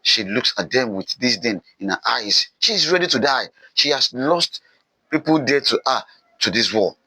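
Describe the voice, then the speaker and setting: Brief: bright-voiced male tutor summarising a novel, lively and repetitive, dry close sound. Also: mid-range voice, moderate pace, breathy edge, no echo, low-quality recording. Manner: animated retelling, repeats phrases for emphasis. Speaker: literature teacher.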